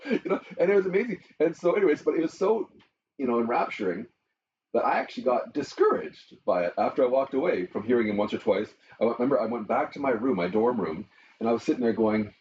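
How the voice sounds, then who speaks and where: A middle-aged man, a pastor telling stories in an interview in an animated way, with frequent chuckles. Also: mid-range voice, fast talker, distant mic. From Canada. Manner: animated storyteller, chuckles often. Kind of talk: interview conversation. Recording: muffled lo-fi with faint noise.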